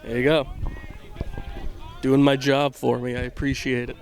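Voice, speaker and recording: Gravelly guy doing laid-back play-by-play at a ballfield, handheld mic, rambly and self-mocking. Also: mid-range voice, little pitch movement, a little slow. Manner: self-deprecating, rambling, drops to a hush at times. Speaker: play-by-play commentator. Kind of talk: casual joking sports commentary. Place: outdoor baseball field. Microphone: handheld microphone with earbuds.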